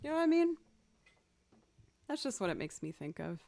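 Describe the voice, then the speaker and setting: A woman's voice: sits high, big pitch swings, moderate pace, gravelly, a little mellow, no room sound, clean studio sound, faint music behind. A young woman musician chatting casually on a livestream, rambling through stories and thanking viewers as she goes. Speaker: musician streamer.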